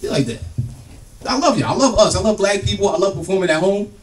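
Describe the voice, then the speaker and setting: A middle-aged man performing stand-up, loud and profane, his pitch jumping all over as he acts out family scenes. The voice sits a bit above the usual for a man and sounds slightly distant from the mic. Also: expressive, fast, a little hiss or hum. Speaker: stand-up comedian. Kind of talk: stand-up comedy set. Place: comedy club stage with live audience.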